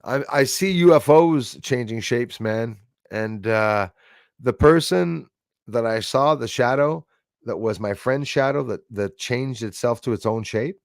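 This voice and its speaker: A middle-aged man from Canada hosts a casual livestream, reading out viewer comments and musing between them. His voice sits at an ordinary middle pitch and is recorded dry and close. He rambles, chuckles and stumbles through restarts. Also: unhurried, creaky, no echo. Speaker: livestream host.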